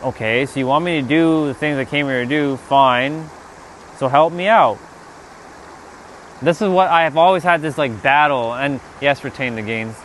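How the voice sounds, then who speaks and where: Animated man talking spirituality casually. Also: mid-range voice, normal speed, a little hiss or hum. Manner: animated, swears, talks to God in mock dialogue. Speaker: spiritual vlogger.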